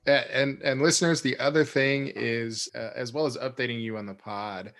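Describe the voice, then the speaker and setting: A man's voice: medium pitch, fairly even intonation, moderate pace, a bit bright. A man co-hosts a casual podcast and talks straight to listeners in an upbeat, friendly way. His delivery is plain and conversational. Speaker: podcast co-host.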